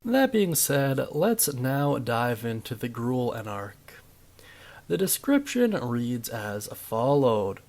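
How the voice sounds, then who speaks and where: A man's voice: medium pitch, takes it slowly. A young man hosting a tabletop game video, explaining options in an upbeat, chatty way. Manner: upbeat, chatty, lively intonation. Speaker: D&D video host.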